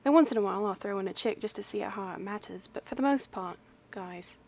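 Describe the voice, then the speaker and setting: A young American woman chatting casually, then reading a list aloud in a put-on, deliberately bad English accent, rambling and giggly with lots of fillers. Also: mid-range voice, darkish tone. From United States. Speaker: YouTuber.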